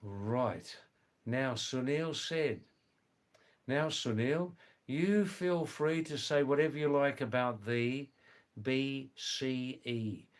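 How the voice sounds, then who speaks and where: A man's voice: medium pitch, slow. A man hosting a casual livestream from indoors, chatting with viewers, greeting them by name and often laughing. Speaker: livestream host. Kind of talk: casual livestream chat, reading comments. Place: indoors, during a power cut.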